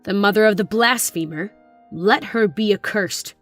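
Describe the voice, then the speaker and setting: A woman's voice: medium pitch, soft background music, close to an everyday voice. A woman reading aloud, voicing a fierce man who speaks in a harsh, scornful and savage tone. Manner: harsh, scornful, slow and loud.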